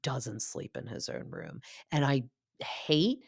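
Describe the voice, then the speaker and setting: Chatty mom podcaster, dry close mic. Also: female voice, very deep voice, big pitch swings, slow, slightly rough, no echo. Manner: chatty, gossipy, lots of "like" fillers. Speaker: podcast host. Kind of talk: casual reality TV recap.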